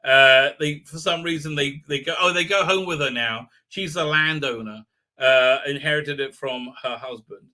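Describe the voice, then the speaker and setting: A man's voice: on the high side, normal speed, pushed and bright. A man hosting a live show, sarcastically commenting on a TV episode and mocking its characters in put-on voices, with lots of fillers and restarts. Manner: sarcastic, mocking, acts out quotes in exaggerated voices. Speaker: host.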